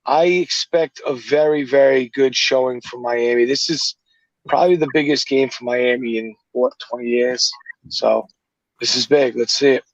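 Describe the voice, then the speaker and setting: Halting man on a dull, dry line. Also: medium pitch, steady tone, dry recording. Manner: halting, repeats words. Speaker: podcast co-host. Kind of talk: casual sports podcast chat.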